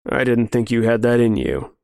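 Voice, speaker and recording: A man reading the part of a brutal, bearded man who sneers and threatens slowly. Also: mid-range voice, very animated, gravelly, a little mellow, no echo, clean studio sound. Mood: menacing. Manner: sneering, menacing, slow counting. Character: brutal bearded man, menacing, laughing at the world.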